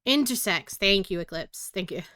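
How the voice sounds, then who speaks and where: A woman's voice: medium pitch, animated, normal speed, bright, forceful tone, no echo, studio quality. A giggly, hyper Australian woman rambling in casual live-stream chat as a streamer.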